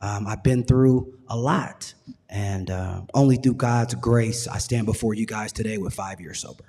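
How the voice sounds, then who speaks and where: A man sharing his recovery story on stage, earnest and measured, with passion underneath. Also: on the low side, mellow, slight background noise. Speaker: guest speaker. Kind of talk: personal testimony. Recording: long hall reverb.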